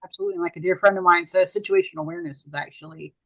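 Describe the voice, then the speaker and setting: A woman's voice: on the low side, fairly even intonation, rapid-fire, a bit bright, poor audio. A woman hosting an interview, eager and full of praise for her guest. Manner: eager, effusive. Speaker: host.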